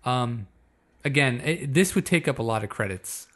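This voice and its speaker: A man hosting a casual chat about a video game, animated and laughing often. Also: medium pitch, normal speed.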